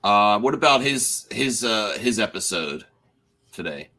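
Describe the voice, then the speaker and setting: A man with a slightly low but bright, forward voice chats casually about a TV finale. He is animated and often restarts his sentences. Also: unhurried. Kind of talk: casual spoiler chat.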